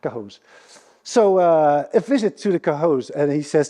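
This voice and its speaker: A man's voice: on the high side, lively intonation, warm tone. Dutch man lecturing in a reverberant hall. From Netherlands. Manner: halting, with many restarts and questions to the audience. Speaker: guest lecturer. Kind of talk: public history lecture. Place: lecture hall before a live audience.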